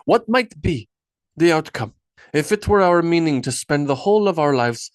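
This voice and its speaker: A man's voice: on the high side, animated, normal speed, no echo, studio quality, voice pushed up, close to an everyday voice. A man reading an audiobook, voicing a thoughtful young Viking warrior who muses earnestly about fate. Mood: musing. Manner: earnest, musing.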